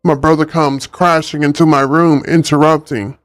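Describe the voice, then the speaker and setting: A man's voice: on the high side, little pitch movement, moderate pace, hardly any pauses, dry recording, studio quality, soft background music. A man chatting and reading a book aloud on a livestream, laid-back and ad-libbing. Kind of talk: casual livestream story reading.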